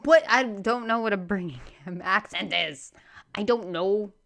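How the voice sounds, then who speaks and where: A young woman from Argentina, chatting excitedly and rambling as she reacts to a comedy clip. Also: medium pitch, a little slow, vocal fry. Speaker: reaction video host. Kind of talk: casual reaction commentary.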